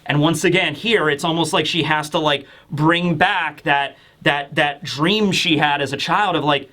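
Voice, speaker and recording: A man's voice: a little high, measured pace, hardly any pauses, bright, forceful tone. A man hosting a casual manga review, talking in a rambling, enthusiastic way. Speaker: host.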